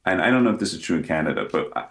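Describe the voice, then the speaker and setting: A man's voice: low voice, lively intonation, rapid-fire, vocal fry, fairly bright tone, roomy sound. A man talking as a guest in a casual interview, rambling and self-deprecating, with many restarts. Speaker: guest actor.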